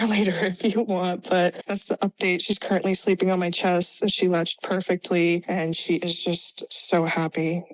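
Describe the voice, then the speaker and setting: A woman's voice: lowish voice, rough recording. A young woman recounting her birth story in an emotional, rambling voice message, tearful and full of "like" and restarts. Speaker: podcast guest sharing a birth story.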